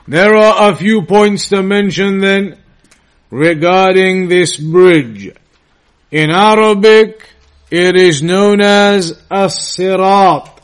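A man with a high, light voice teaches scripture at a slow, measured pace. He repeats key phrases and pauses to put questions to his listeners, as in an evening lesson. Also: clear, resonant tone. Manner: recites Arabic quickly and quietly between English explanation. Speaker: Islamic teacher. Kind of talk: slow, deliberate religious lesson.

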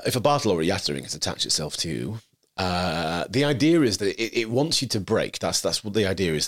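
A young adult man, co-hosting a podcast, chatting casually and telling stories in an animated way. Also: sits low. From York, England. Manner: animated, storytelling, puts on voices. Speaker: podcast co-host. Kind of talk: casual chat.

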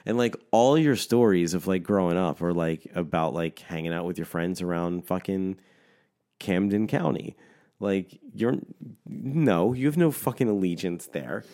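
A man's voice: deep voice, unhurried, mellow. A man telling a story in casual talk, ranting and swearing constantly with lots of "like" fillers. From Philadelphia area. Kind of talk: casual profane storytelling rant.

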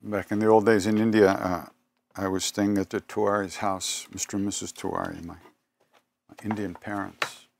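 Gravelly, low older man giving a spiritual talk. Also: flat delivery. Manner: unhurried and reflective, with pauses and self-corrections. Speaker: spiritual teacher. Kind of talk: spiritual talk with personal stories.

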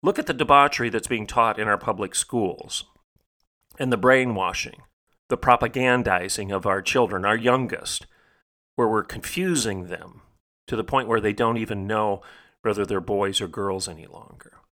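A man's voice: lowish voice, normal speed, bright, forceful tone. A middle-aged man hosting a podcast, delivering an emphatic, rhetorical monologue that repeats phrases for stress. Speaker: podcast host. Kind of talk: preaching monologue.

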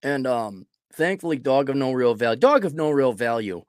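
A man's voice: mid-range voice, big pitch swings, moderate pace, no echo, studio quality. A man hosting a podcast, talking casually in a rambling, self-deprecating way while sick with a cold. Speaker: podcast host. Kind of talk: casual monologue.

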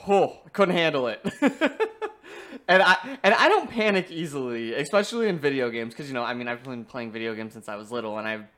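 A young man chatting casually about video games, animated and often breaking into laughter. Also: mid-range voice, a little fast.

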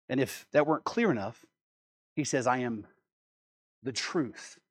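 A man's voice: mid-range voice, moderate pace, long pauses. A man preaching a sermon as pastor, emphatic, repeating key words and asking rhetorical questions.

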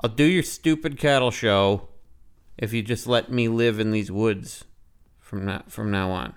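A man's voice: on the low side, measured pace, clean tone. A man voicing a grumpy talking cattle in an improvised bedtime story, stubborn and complaining.

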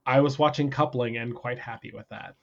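A man's voice: mid-range voice, steady tone, brisk, creaky, muffled recording. A man co-hosting a podcast who chats casually and throws in wry asides. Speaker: podcast co-host. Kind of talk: casual chat.

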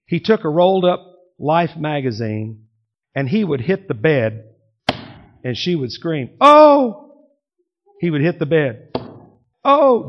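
Older male pastor, folksy sermon storyteller, slightly high voice, muffled church tape. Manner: folksy storytelling, teasing the congregation. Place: church sanctuary.

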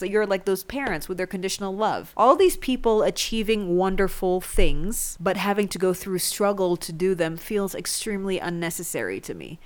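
Smooth-voiced sassy woman host. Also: medium pitch. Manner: campy and dramatic, calls listeners honey. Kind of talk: sassy entertainment news commentary.

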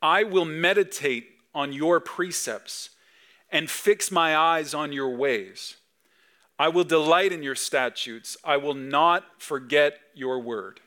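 A man in his thirties, a pastor preaching a sermon with emphatic swings between loud and soft. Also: fairly high pitch, takes it slowly. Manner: acts out dad talking to his kids.

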